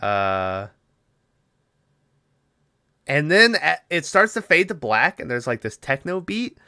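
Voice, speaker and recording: A young man on a podcast, recapping a film in a loose, rambling way and swearing freely. His voice is bright and forceful, with a smooth, crisp tone. The sound is dry and close, with no room around it. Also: a little high, very animated, slow, no room sound. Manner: rambling, swears often, lots of fillers. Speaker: podcast co-host. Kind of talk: casual movie recap chat.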